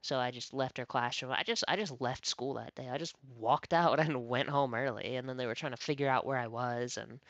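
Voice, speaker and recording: A woman streamer telling a story in casual chat, animated and swearing, acting out the dialogue she quotes. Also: extremely low pitch, a little fast, hardly any pauses, no echo. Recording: dry, dull lo-fi stream audio.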